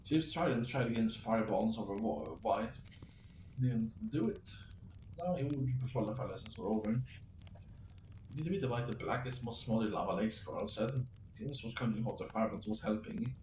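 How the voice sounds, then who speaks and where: A man's voice: lowish voice, moderate pace, a little mellow. A man reading his own fantasy story aloud, stumbling and restarting words as he goes. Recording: roomy, distant mic with faint noise.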